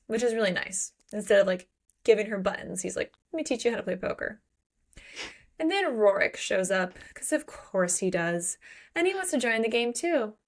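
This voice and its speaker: A woman co-hosting a casual book podcast, lively, acting out characters' lines and swearing casually. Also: mid-range voice. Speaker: podcast co-host.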